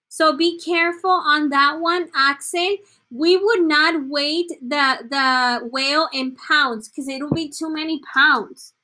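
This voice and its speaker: Slow, bright-voiced woman teaching a class. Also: high voice. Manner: encouraging, praising students by name; slips between English and Spanish. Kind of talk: online class lesson.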